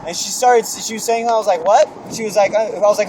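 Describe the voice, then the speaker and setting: A man's voice: high-pitched, steady tone, quick pace, noisy background. A young man rambling through a spooky story in casual chat, swearing a lot, recorded outdoors.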